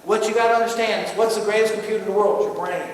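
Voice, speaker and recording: A man giving a motivational talk to a live audience in a large room, with punchy call-and-response and jokes he shouts out. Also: high voice, steady tone, rapid-fire. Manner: punchy call-and-response, asks crowd to answer. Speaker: motivational speaker. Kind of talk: motivational talk to a staff crowd. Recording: echoey room recorded from far off.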